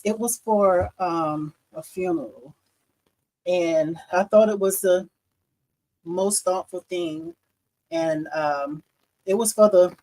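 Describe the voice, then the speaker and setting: A woman's voice: on the low side, darkish tone, rough recording. Chatty woman hosting a craft livestream. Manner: chatty, addresses viewers as y'all, laughs often. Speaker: embroidery livestream host. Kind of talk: casual live demo chat.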